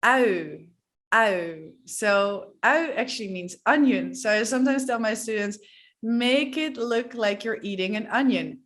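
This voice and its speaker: A woman with a Dutch accent, a native Dutch speaker, teaching pronunciation in a playful, demonstrative way and repeating example words slowly. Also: on the high side. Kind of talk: pronunciation lesson to camera.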